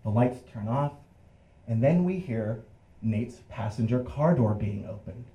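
A young man with a mid-range voice, speaking a little slowly, tells an animated first-person story, doing voices for the people involved and laughing along. The audio is dull and carries a roomy echo.

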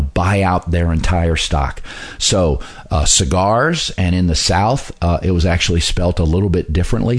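Low-voiced male historian guest, unhurried storyteller with frequent filler pauses. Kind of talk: conversational explanation.

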